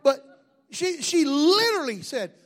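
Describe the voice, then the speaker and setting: A man. He keeps the sermon lively with jokes, asides and stumbling restarts. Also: extremely high pitch, measured pace. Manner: animated, joking storyteller with many restarts. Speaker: pastor.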